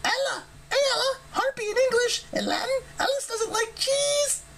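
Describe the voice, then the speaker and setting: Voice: very high-pitched, fairly even intonation, normal speed, very noisy, pitched above the performer's own voice. A reader voicing an erratic, twitchy young female harpy who blurts out disjointed, stuttering exclamations in a storybook reading. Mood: frantic.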